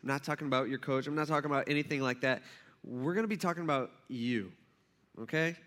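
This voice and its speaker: Bright-voiced young male preacher. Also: medium pitch, fast talker. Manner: conversational, storytelling, checks in with the audience. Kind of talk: casual sermon.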